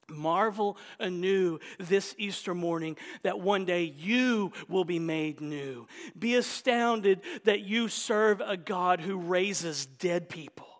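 A man delivers an Easter sermon at an unhurried, deliberate pace. He leans hard on key phrases and then sinks into near-whispers. His voice carries the long reverb of a large church sanctuary. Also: high-pitched, expressive. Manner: emphatic, swings from loud exclamations to hushed whispers. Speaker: pastor.

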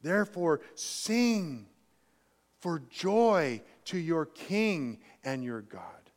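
A man preaching a sermon as pastor, emphatic, swinging between quiet and loud passages. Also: a little high, lively intonation, drawn-out words, big-room sound.

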